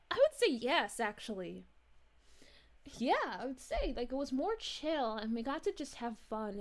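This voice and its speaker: A sweet, bubbly space princess, voiced by a woman chats with her stream viewers in a high, soft voice. Her lines rise and fall in a lively sing-song and are full of little giggles. The tone stays gentle and friendly throughout. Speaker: VTuber streamer reading chat. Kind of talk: live-stream chat in character.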